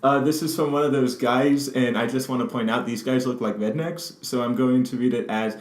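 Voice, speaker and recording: A man's voice: mid-range voice, steady tone, fairly quick, hardly any pauses. Joking man chatting in an echoey room. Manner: laughs often, joking. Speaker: news show co-host. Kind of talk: casual news chat. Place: indoors, not ideal spot.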